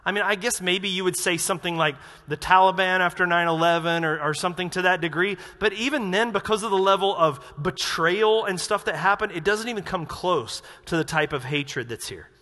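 A pastor preaching a sermon to his church, animated, acting out quotes with sudden loud outbursts. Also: high-pitched, a little fast, few pauses. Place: church auditorium. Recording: reverberant church hall.

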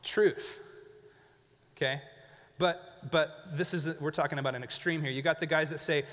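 A man preaching a sermon in a conversational, animated way, acting out the people he describes. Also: on the high side, normal speed, long reverb tail. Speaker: pastor. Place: church.

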